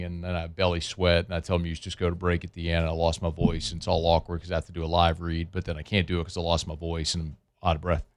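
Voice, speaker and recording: A middle-aged man hosting a sports talk radio show from a studio, talking in an animated, emphatic way that swings up and down. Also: sits low, smooth.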